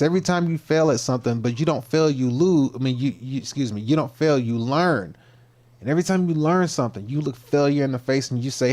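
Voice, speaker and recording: A man's voice: mid-range voice, a little fast, darkish tone, slight background noise. A man hosting a casual livestream, joking in loose slang about gym clips, then giving a pep talk. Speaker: livestream host and fitness coach.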